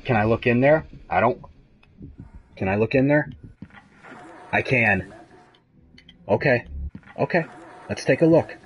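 A young man commenting live on a horror game, jumpy and profane, moving between hushed muttering and high-pitched yelps. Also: expressive, a little slow, pauses often, highs cut off. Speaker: gaming host playing a horror game.

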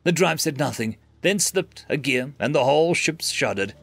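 A man's voice: fairly high pitch, animated, normal speed, creaky, fairly bright tone. A man narrating a scripted science fiction story in a dramatic, dry manner.

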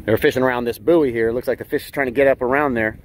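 A man's voice: mid-range voice, steady tone, fast talker, slight background noise. A man hosting a fishing vlog, filming with a handheld camera out of doors on a small boat at sea, giving chatty, self-teasing running commentary. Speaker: fishing channel host. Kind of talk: casual on-the-spot vlog narration.

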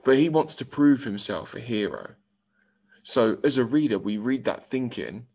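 A man's voice: medium pitch, expressive, normal speed, creaky, darkish tone, breathy edge. A male primary school teacher giving a recorded English lesson, explaining step by step and reading example lines aloud.

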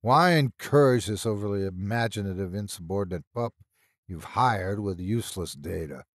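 A man's voice: fairly low pitch, animated, normal speed, dry recording, studio quality, lightly acted. A man voicing a blustering, sarcastic male senior psychiatrist who snaps scornfully. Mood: furious.

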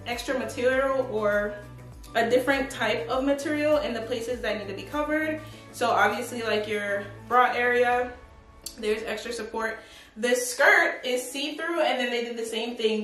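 A woman with a slightly high voice talks through a clothing haul in a loose, chatty way, peppering her sentences with fillers. She is recorded on a tripod camera in a reverberant room, with faint background music under her voice. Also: a bit bright. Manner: chatty, upbeat, lots of "like" and "but yeah". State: out of breath. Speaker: fashion vlogger. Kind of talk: casual try-on haul chat.

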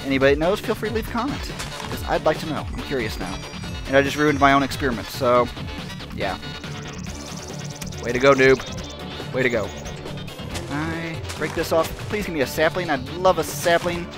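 A man's voice: a little high, normal speed, pauses often, music in the background. Rambling man narrating his gameplay. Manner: rambling, self-mocking, laughs often. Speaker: gaming channel host. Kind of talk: casual gameplay commentary.

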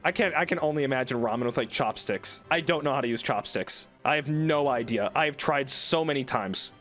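A young man streamer rambling through an animated, comic rant in casual chat. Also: medium pitch, fairly quick, faint music behind.

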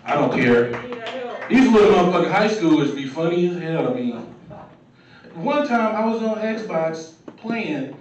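A man's voice: high voice, lively intonation, unhurried, a little mellow. Man, thirties, stand-up comic, loose and profane, roomy distant sound. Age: 30s. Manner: loose, profane, conversational delivery with acted-out quotes. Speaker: stand-up comedian. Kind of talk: open mic stand-up set. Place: comedy club stage. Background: crowd laughing.

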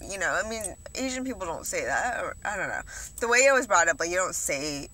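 Young woman rambling into her vlog cam, swears a lot, says like constantly, bright voice. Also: mid-range voice, very animated, brisk. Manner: rambling, profane, heavy use of "like". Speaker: vlogger. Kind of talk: confessional eating vlog talk.

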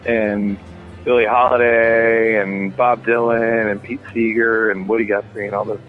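A man's voice: lowish voice, level tone, a little slow. A man talking casually about his music as an interview guest, rambling with many fillers and restarts. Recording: tinny phone line.

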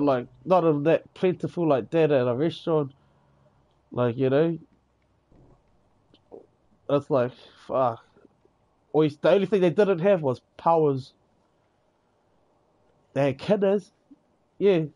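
A man with a New Zealand accent rambles through a loose gaming chat, swearing often and tacking "eh" and "bro" onto his sentences. His voice sits a little high for a man but sounds warm and mellow. It comes through a dull, lo-fi mic. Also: takes it slowly, pauses often. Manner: rambling, swears freely, peppers talk with "eh" and "bro". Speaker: gamer in voice chat. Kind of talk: casual chat.

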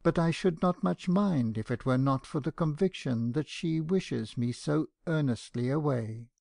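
A man's voice: fairly high pitch, measured pace, vocal fry, a little mellow, dry recording, clean studio sound. A man voicing a tearful young woman. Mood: distressed. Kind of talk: audiobook character reading.

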